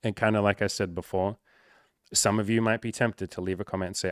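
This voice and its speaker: A man's voice: lowish voice, flat delivery, a little fast, clear, resonant tone, no echo. A young man speaking candidly and emotionally to camera, swearing freely and close to tears. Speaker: coach and content creator. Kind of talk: emotional personal talk to camera.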